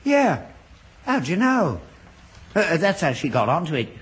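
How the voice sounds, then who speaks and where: A man's voice: a little high, wildly swooping pitch, normal speed. An older man in a British radio sitcom, playing an earnest, gullible father who grows indignant when mocked.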